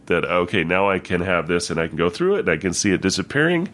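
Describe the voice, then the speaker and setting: A man's voice: low-pitched, big pitch swings, fast talker, fairly bright tone. A man in casual conversation about a book, often laughing and speaking hesitantly. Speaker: book discussion co-host.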